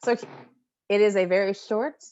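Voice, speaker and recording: A woman co-hosting a casual movie discussion, telling stories in an animated, laughing way. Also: medium pitch, normal speed, dull audio. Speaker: co-host.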